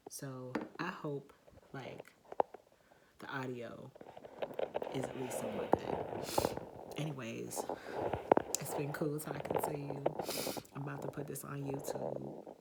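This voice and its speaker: A woman's voice: a bass voice, level tone, slow pace, gravelly, pauses often, heavy background noise. A woman giving a blunt, heavily profane motivational pep talk in a casual vlog. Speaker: vlogger.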